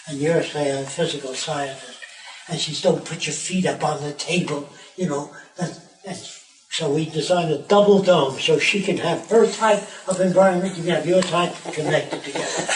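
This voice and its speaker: An elderly man over ninety giving a rambling, animated talk to visitors as a tour guide. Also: a little high, echoey room, distant mic, a little hiss or hum, rough recording.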